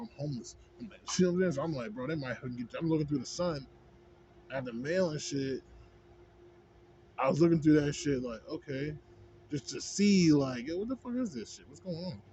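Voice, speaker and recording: A man's voice: a little high, a little mellow. Rambling, profane man on a lo-fi recording. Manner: profane, rambling, peppered with "you know what I'm saying". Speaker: vlogger. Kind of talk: casual rant. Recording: dull lo-fi with faint background noise.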